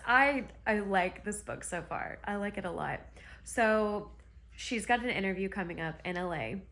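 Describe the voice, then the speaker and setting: A woman's voice: mid-range voice, fairly bright tone. A woman retelling a romance novel in a chatty, gushing way on her book vlog. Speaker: book vlogger. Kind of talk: casual book reading vlog.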